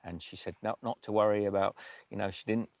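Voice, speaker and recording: A man hosting a livestream, telling a story in a casual, emotional way with many halting restarts. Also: fairly low pitch, steady tone, vocal fry, darkish tone, no room sound, lo-fi sound. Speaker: livestream host.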